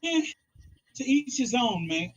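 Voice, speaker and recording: Husky, blunt man playing a character. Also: extremely high pitch, big pitch swings, slow pace, muffled recording. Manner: blunt, dismissive. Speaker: player. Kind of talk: in-character tabletop play.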